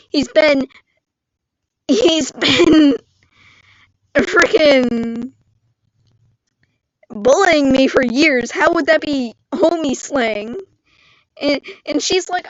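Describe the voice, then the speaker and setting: High-voiced woman telling a story slowly. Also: no room sound, dull audio. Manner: animated storytelling, acting out quoted lines. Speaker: vlogger. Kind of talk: storytime live stream. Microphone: screen-recorded live stream mic.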